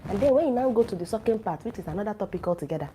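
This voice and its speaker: Racing and animated, a woman with a warm, mid-range voice gives blunt, teasing relationship advice straight to camera despite having a flu and coughing. She lectures her listeners directly, with slight background noise on a rough recording.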